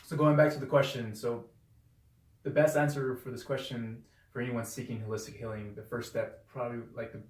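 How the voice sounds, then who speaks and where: A man's voice: medium pitch, flat delivery, a little fast. Man, podcast host, short steering remarks, distant mic, echoey room. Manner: brief, wraps up and steers the talk back to the question. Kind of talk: casual interview talk.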